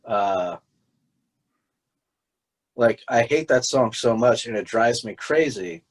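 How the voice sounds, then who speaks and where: A man's voice: medium pitch, lively intonation, slow, low-quality recording. A young man co-hosting a casual podcast, rambling and swearing a lot, often restarting his sentences. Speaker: podcast co-host. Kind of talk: casual chat.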